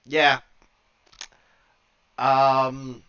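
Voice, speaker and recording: A man's voice: medium pitch, completely flat delivery, extremely slow, bright, forceful tone, smooth. A man co-hosting a podcast, rambling through a wrestling review in casual chat, laughing often, swearing and getting worked up. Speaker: podcast co-host. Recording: dull lo-fi sound.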